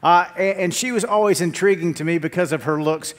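A middle-aged man preaching a sermon as a pastor, telling stories with jokes and quotes, and dropping to a low, quiet tone when he prays. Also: a little fast. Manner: animated storytelling with jokes and quotes; drops to a low, quiet tone in prayer.

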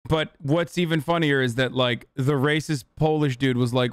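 A man's voice: medium pitch, fairly even intonation, moderate pace, clear, resonant tone, no room sound, studio quality. A man in his thirties streaming live reaction commentary, mocking and profane, joking loosely as he talks.

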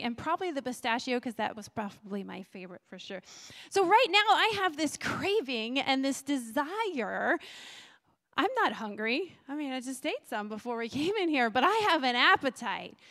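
Bubbly high-voiced woman pastor. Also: animated, moderate pace, a bit bright. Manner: chatty, bubbly, laughs often, asks the congregation questions. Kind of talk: sermon. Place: church sanctuary.

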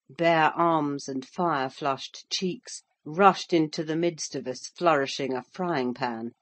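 An audiobook narrator reading a classic novel in a measured, formal storytelling manner. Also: mid-range voice.

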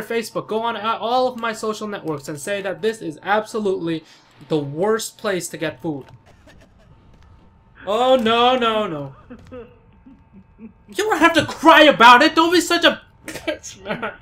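A man giving excitable gameplay commentary, crying out in panic and cursing at the game. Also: sits high, unhurried, long pauses, a little hiss or hum. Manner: jumpy, cries out in panic, curses at the game. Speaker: let's play commentator.

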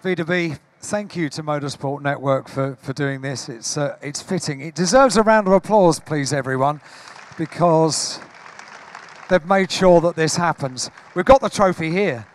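A man's voice: fairly high pitch, normal speed. A man hosting a live award presentation on a hall stage, rallying the audience to applaud and chatting with the winner. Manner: jovial, rallying the crowd for applause. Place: large exhibition hall stage.

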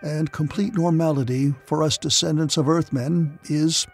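A man voicing a calm alien psychotherapist. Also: a little high, moderate pace, soft background music, voice pushed up, lightly acted. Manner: calm, sober, thoughtful.

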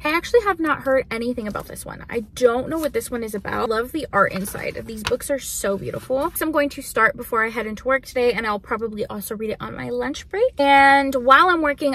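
A woman's voice: on the high side, a bit bright. A young woman chatting casually in a reading vlog, gushing about books and filling her talk with "like", recorded in a parked car. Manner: gushing, chatty, heavy use of "like". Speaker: book vlogger.

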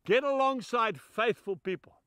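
An older man preaching a sermon, emphatic, swinging from shouts down to soft, low asides and calling his listeners "folks". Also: animated, normal speed, clean tone, no echo, clean studio sound.

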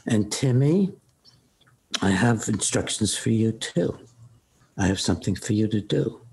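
A man's voice: fairly low pitch, expressive, unhurried, gravelly, darkish tone, slightly rough. An older man, a psychiatrist, frankly telling stories about cases he has seen. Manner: retells cases, quoting patients in his own voice; frank, opinionated. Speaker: psychiatrist guest. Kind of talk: anecdotal storytelling.

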